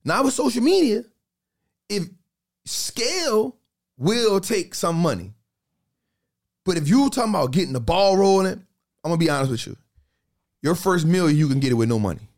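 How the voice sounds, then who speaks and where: A man in a casual podcast chat, telling stories in an animated, slangy way and repeating phrases for emphasis. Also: high-pitched, moderate pace, pauses often.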